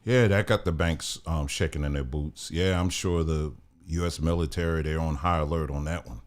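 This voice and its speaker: A man's voice: extremely low pitch, normal speed. A man hosting a live news commentary show, talking straight to viewers in an exasperated, repetitive way. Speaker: host.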